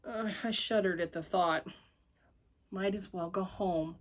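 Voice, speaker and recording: A woman reading a children's story aloud at church with an expressive, animated delivery. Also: mid-range voice, a little slow.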